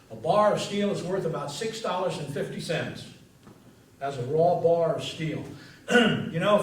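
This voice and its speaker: A man preaching a sermon as pastor, telling stories with dramatic pauses and letting his voice drop at the ends of lines. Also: high-pitched. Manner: storytelling with dramatic pauses and dropped endings. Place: church sanctuary. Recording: echoey church from a distance.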